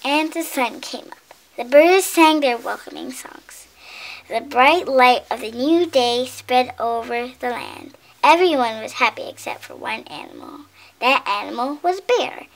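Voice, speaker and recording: A woman reading a picture book aloud in an expressive way, correcting her slips and adding asides about the pictures. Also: high voice, unhurried, vocal fry. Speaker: storybook reader.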